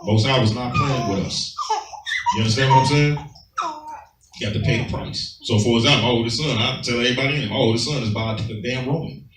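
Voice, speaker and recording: A fast-talking man with a mid-range, slightly bright voice teaches a Sabbath class, preaching scripture commentary with streetwise emphasis. He keeps asking his listeners whether they follow. The recording is roomy and far from the mic, with slight background noise.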